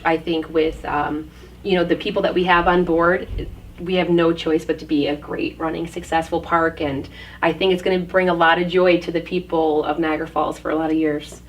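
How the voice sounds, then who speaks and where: A woman being interviewed as a community project organizer, speaking earnestly and casually with lots of ums. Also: low-pitched. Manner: earnest, filler-heavy, with frequent ums. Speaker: guest, dog park organizer. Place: community hub building, indoors. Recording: distant mic, faint room noise.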